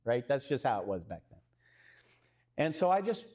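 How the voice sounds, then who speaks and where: His voice is mid-range, husky and unhurried. A real estate co-founder with a Texan drawl, he shares a business story at a live panel, performing the quoted lines with energy and asking the audience questions.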